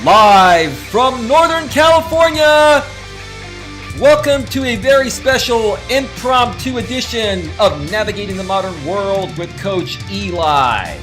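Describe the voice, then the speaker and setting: A man doing his old show intro in a booming, drawn-out announcer voice. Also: animated, music in the background. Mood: hyped. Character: hyped male radio-style announcer introducing himself. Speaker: host.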